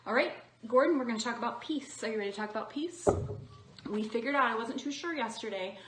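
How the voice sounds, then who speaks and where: A woman hosts school morning announcements in a cheerful, encouraging way, with a fairly high voice. She sounds like she is in an echoey room, with faint background noise behind her. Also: lively intonation, fast, fairly bright tone. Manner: cheerful, encouraging, talks to a companion.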